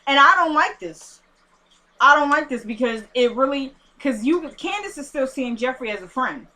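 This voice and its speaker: A woman casually recapping a TV episode, retelling scenes in an animated, indignant way. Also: sits high, moderate pace. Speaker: TV show recapper.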